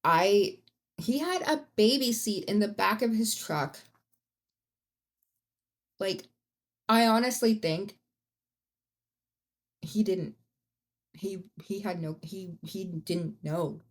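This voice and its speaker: A woman's voice: medium pitch, lively intonation, takes it slowly, long pauses. A woman hosting a podcast, telling a true-crime story in a casual, blunt and profane way, with rising outbursts. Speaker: podcast host.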